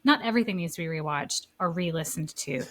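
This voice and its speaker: A woman who works as a leadership coach, a guest on a podcast, talking casually in an animated way and often wandering onto tangents. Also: deep voice, fast. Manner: animated, laughing, tangent-prone. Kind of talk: casual conversational interview.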